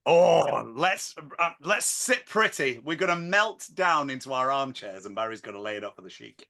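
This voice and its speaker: A man's voice: on the high side, expressive, normal speed, gravelly, bright, forceful tone. A man hosting a podcast, leading the talk in an upbeat, playful way. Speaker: podcast host. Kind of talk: casual chat.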